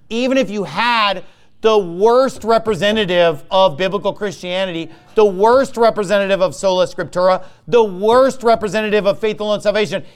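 A high-pitched male pastor preaching a fiery, scornful sermon. He reads scripture quickly and jeers at opponents, jumping from near-shouts to low mutters. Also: smooth. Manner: combative, mocking, preacherly; lively, swings between loud and quiet.

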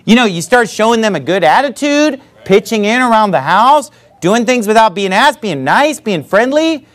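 Brief: male pastor, high and lively voice, emphatic conversational sermon. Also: moderate pace. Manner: emphatic, conversational preaching with repeated asides.

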